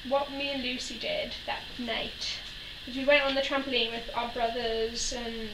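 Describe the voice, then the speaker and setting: A woman's voice: on the high side, level tone, normal speed. Giggly young woman, echoey room. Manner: giggly, acts out quoted voices. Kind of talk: casual storytelling vlog. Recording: echoey room from a distance, faint noise.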